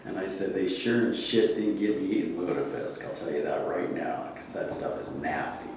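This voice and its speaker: A man's voice: deep voice, moderate pace, darkish tone, recorded from a distance. A man telling rambling, profane stories in a casual chat, laughing often. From Seattle area. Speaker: show regular, storyteller. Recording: roomy echo, from off mic, faint noise.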